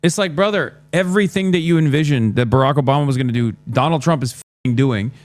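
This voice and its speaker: A man's voice: medium pitch, quick pace, no room sound. A man doing livestream commentary, blunt and sarcastic, often swearing. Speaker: streamer.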